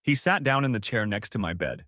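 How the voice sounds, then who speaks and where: Expressive man narrating a story. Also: on the low side, a little fast, no echo, studio quality. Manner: dramatic, expressive reading. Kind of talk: first-person story narration.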